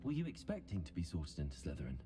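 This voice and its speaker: A man's voice: low voice, huge pitch swings, quick pace, over music. An actor playing a polite, reserved young male student newcomer in a video game.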